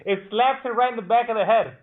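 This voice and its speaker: A man's voice: very high voice, quick pace, a little hiss or hum. A man chatting casually as a podcast guest, easygoing and prompting the host with questions. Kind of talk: casual chat. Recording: tinny phone-like line.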